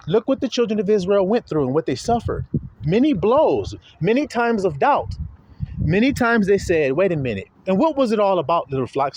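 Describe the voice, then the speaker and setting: High, lively man preaching a loose sermon. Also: noisy background. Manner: profane, folksy, addresses listeners directly. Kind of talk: informal sermon.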